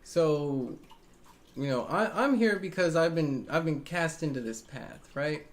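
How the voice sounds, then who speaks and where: A tarot reader talks straight to a live-stream audience in an earnest, defensive way. The voice sits in a middle pitch, and speech is loose and conversational, full of fillers and repeated phrases that drive a point home. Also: animated, measured pace. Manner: frequent fillers like "right?" and "man". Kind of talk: casual live-stream talk to viewers.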